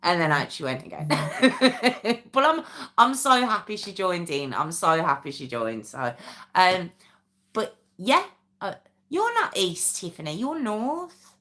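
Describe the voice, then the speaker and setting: A woman's voice: fairly low pitch, big pitch swings, slow pace, bright, forceful tone. A woman with an English Midlands accent hosting a casual live stream, chatting and rambling as she reads out viewer comments. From England. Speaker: true crime livestream host.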